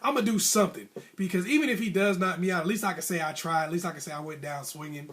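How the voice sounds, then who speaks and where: Male host, high register, casual storyteller who acts out the other voices. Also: quick pace. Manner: animated, acts out voices of coach and referee; casual, colloquial speech. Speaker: advice channel host.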